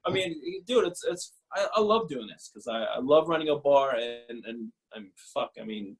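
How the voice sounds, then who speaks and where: A man in his thirties, a former pro pitcher, talking bluntly and profanely in a casual interview, often laughing. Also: lively intonation, normal speed, background noise.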